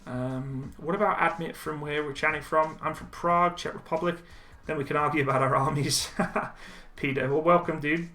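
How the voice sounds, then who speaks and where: A young man casually reading and answering viewer chat on a live stream, relaxed and chatty with frequent ums and laughs. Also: fairly high pitch, moderate pace, few pauses.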